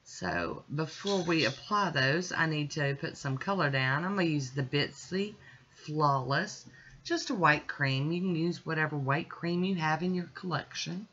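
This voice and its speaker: A woman's voice: low voice, measured pace, dull audio, slight background noise. Chatty woman narrating a nail tutorial. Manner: chatty, relaxed step-by-step explaining. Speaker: nail art channel host.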